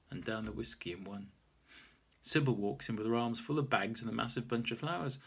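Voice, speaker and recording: A man's voice: mid-range voice, brisk, creaky, husky. A man reading his own story aloud in a wry, self-mocking way. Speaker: author reading his memoir.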